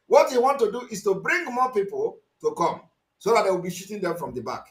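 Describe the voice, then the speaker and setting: A man with a Nigerian accent commenting on news clips during a livestream, agitated and repetitive, sometimes shouting. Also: sits high, big pitch swings, brisk, roomy sound. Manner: agitated, repeats phrases, shouts at points. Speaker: online commentator.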